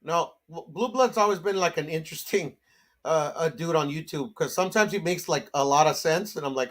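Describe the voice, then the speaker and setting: A man with a slightly higher voice chats about boxing in a laid-back way. He swears freely and keeps tagging his lines with "bro", sounding easygoing and relaxed in his delivery. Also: fairly quick. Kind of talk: casual chat.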